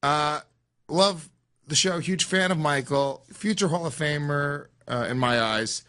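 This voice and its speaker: A man's voice: fairly high pitch, a little slow, bright, forceful tone, smooth. Hesitant joking podcast co-host man. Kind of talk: casual chat.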